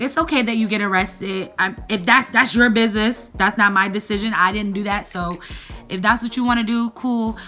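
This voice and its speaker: A young woman telling a lively storytime vlog, calling out to her viewers as y'all. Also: on the high side. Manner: animated, addresses viewers as y'all. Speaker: vlogger.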